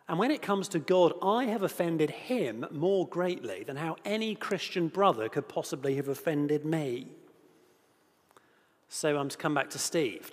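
Slow, earnest preacher in a reverberant hall. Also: male voice, a little high. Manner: earnest, asks rhetorical questions, grows animated at moments. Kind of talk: sermon with scripture reading. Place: church. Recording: long reverb of a large hall.

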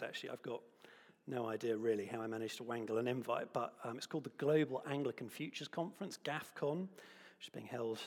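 Male preacher, slightly husky, lively and joking, recorded in an echoing church hall. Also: medium pitch. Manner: lively, playful asides, uses props. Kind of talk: sermon. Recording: long hall reverb.

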